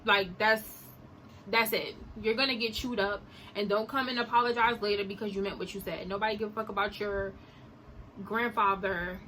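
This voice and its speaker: A woman's voice: mid-range voice, bright, forceful tone, a little hiss or hum, rough recording. A young woman vlogger giving an impassioned, indignant opinion monologue to her camera. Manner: emphatic, indignant, rhetorical.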